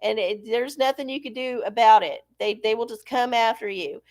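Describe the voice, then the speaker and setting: A woman's voice: on the high side, normal speed, darkish tone. A woman hosting a live stream, chatting casually in a blunt, profane, rambling way. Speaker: host of a live oracle stream. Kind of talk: casual livestream chat.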